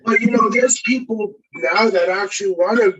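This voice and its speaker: A man's voice: high voice, normal speed, fairly bright tone, husky, distant mic, highs cut off. A man from Windsor, Ontario, a guest in a casual livestream chat, speaking earnestly and a little ramblingly. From Windsor, Ontario, Canada. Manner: earnest, determined, a bit rambling. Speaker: guest YouTuber.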